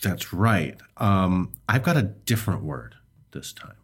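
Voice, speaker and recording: A man co-hosting a podcast, chatting casually with relaxed, hesitant pacing and many fillers. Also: deep voice, measured pace, husky. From United States. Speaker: podcast co-host.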